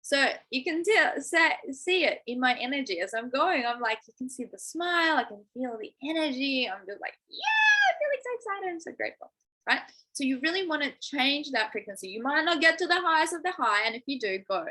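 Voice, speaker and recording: A woman's voice: high-pitched, lively intonation, brisk, few pauses, sharp tone, poor audio. A young adult woman coaching a live online masterclass, enthusiastic and encouraging, using spiritual wording. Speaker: manifestation coach.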